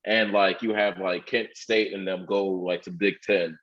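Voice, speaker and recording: A man's voice: low-pitched, steady tone, unhurried. A man co-hosting a sports podcast in casual chat, easygoing, stammering and laughing often. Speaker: podcast co-host. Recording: dull lo-fi mic.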